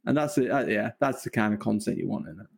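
A man's voice: on the low side, quick pace, vocal fry, slightly rough. Mancunian man, laughing, easygoing chat. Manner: laughs often, self-deprecating. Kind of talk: casual chat.

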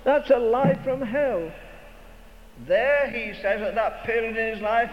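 A man's voice: extremely high pitch, measured pace. Older man preaching in an echoing hall. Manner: emphatic, rhetorical preaching with repeated phrases. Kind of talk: sermon. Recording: dull recording in a reverberant hall, faint noise.

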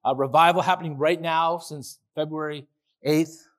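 A pastor preaching a sermon in a chatty, enthusiastic way, with restarts and asides. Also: male voice, fairly high pitch, fairly even intonation, moderate pace. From Canada. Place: church.

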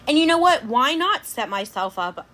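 A young woman hosting a podcast, telling a dating story in an animated, chatty way. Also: high voice, moderate pace. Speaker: podcast host. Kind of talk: casual chat.

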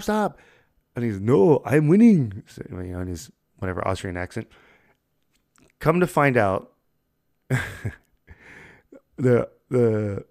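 A man hosting a podcast, telling stories in a loose, chatty way with lots of fillers and laughs. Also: medium pitch. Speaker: podcast host. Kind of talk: casual chat.

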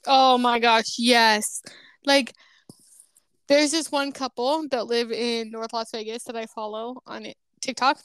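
A woman in casual chat, telling stories with animated delivery and acting out what other people said. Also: fairly high pitch, measured pace, clean tone, dry recording. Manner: animated storytelling, acts out quoted people.

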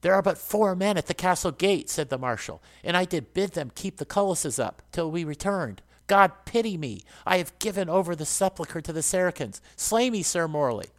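A man's voice: sits high, expressive, moderate pace, hardly any pauses, pitched above the performer's own voice. A man reading aloud and voicing a proud, stern male knight marshal who speaks in archaic, urgent phrases. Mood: anguished.

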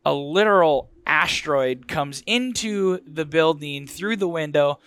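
A man as a guest, telling a personal story in a lively, animated way with casual fillers. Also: on the high side, a little slow, smooth, no echo.

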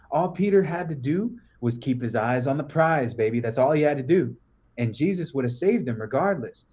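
A young man on a podcast, retelling a story in casual slang, animated, full of "bro" and "right?". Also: medium pitch. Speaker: podcast guest.

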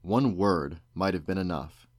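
Man reading stern young king, grave, firm, deep voice. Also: a little slow, dry recording, studio quality.

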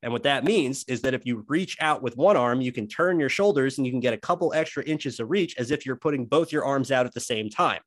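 A man talks football on a podcast, emphatic and animated as he lays out player technique. His voice sits at a middling pitch. The sound is dry and close, with no room around it. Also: fairly quick, few pauses, no echo. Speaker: sports podcast co-host. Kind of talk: casual football analysis chat.

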